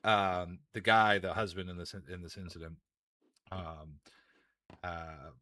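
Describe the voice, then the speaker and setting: A young man streams a game from a room at home, his low, level voice moving slowly with a pushed, bright quality and no echo. He chats casually, rambling and swearing, and laughs often between thoughts.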